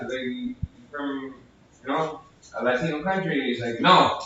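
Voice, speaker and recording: A man's voice: medium pitch, a little slow, slight background noise. A man telling a comedy story in a loose, casual way, swearing freely and acting out the lines of the people in it. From Canada. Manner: animated, swears freely, acts out quotes. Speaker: comedian guest. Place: live comedy venue. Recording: echoey, distant, dull lo-fi sound.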